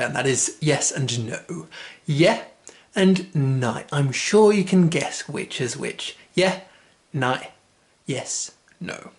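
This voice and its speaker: A language teacher giving a casual spoken lesson, chatty, correcting themself and slowing down to say the example phrases. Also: medium pitch, a little hiss or hum.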